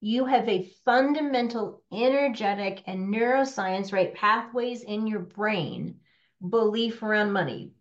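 A woman business coach talking to a workshop room, animated and conversational, often checking in with "right?". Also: mid-range voice, dull audio.

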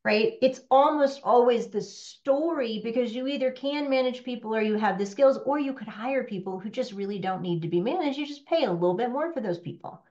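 A woman business coach talking to a workshop room, animated and conversational, often checking in with "right?". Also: on the high side, a little fast, few pauses, dull audio.

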